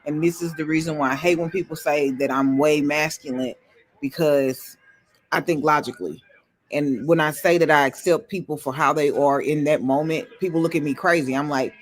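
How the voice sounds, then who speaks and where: A man's voice: a little high, steady tone, normal speed. A man on a podcast panel, playful and blunt, swearing freely in casual banter. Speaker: panel regular.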